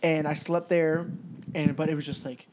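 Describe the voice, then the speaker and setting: This is a young adult man chatting casually on a podcast. His voice sits a bit high for a man. He tells stories animatedly and laughs often. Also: level tone, normal speed, noisy background. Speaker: podcast host.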